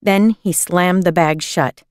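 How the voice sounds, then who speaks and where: Clear-voiced woman reading a story aloud. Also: fairly low pitch, no room sound, clean studio sound. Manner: measured, expressive storytelling. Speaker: reader. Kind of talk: reading a children's book aloud.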